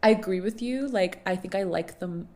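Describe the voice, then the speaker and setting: Easygoing woman podcast co-host, mid-pitched. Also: normal speed, a little mellow. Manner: easygoing, hesitant, many "like" and "um" fillers. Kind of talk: casual chat reviewing a TV series.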